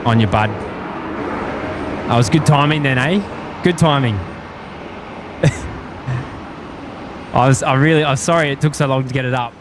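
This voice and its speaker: A man's voice: mid-range voice, a little slow, pauses often. Australian man, casual live-stream host, laid-back, chuckles often, outdoors, faint traffic hum behind. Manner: easygoing, rambling, chuckles often. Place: outdoors at a plane-spotting spot by an airport.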